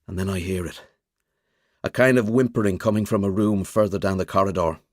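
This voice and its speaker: A man's voice: low-pitched, brisk, no echo, studio quality. A man narrating a suspense audiobook in the first person, telling it dramatically. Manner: expressive, dramatic storytelling.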